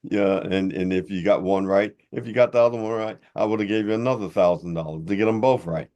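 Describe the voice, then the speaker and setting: A man's voice: on the low side, a little fast, a little mellow, muffled recording. An older man delivering a heated rebuttal monologue as a religious commentator, combative, mocking and blunt, in a preacher-like manner. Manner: blunt and informal.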